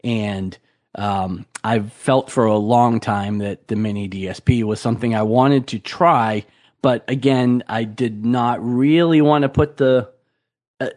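A man co-hosting a casual podcast, relaxed and a bit hesitant as he explains things. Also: medium pitch, measured pace. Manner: relaxed, hesitant, lots of ums and restarts. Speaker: podcast co-host. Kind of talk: casual chat.

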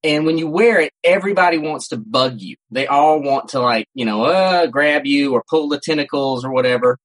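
A man's voice: mid-range voice, lively intonation, moderate pace, a bit bright, rough recording. A man co-hosting a casual podcast, telling stories in a rambling way with frequent restarts. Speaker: podcast co-host. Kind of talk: casual chat. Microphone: home setup, cat nearby.

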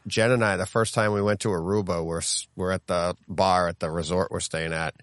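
A man's voice: deep voice, a little fast, no room sound, clean studio sound. A man with a Boston accent, hosting a podcast and telling stories in casual chat, with lots of "like". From Boston area. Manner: animated storyteller, lots of "like". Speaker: podcast host.

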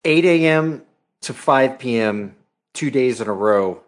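A relaxed man chatting casually as host. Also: mid-range voice, measured pace. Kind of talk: casual chat.

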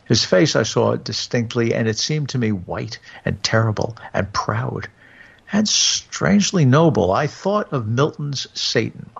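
A man reading a story aloud in a measured storytelling manner. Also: medium pitch, lively intonation, gravelly, slightly rough. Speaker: audiobook reader. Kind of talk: storybook narration. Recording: dull lo-fi recording.

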